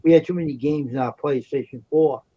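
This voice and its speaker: A man's voice: a little high, fairly quick, mellow, muffled recording. A man chatting on a live stream, greeting viewers by name and talking about his plans. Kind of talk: casual chat.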